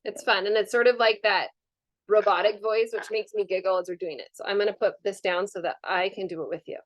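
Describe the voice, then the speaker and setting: A woman's voice: medium pitch, fairly even intonation, brisk. A woman presenting a live online wellness workshop over a video call, chatty and upbeat with frequent fillers.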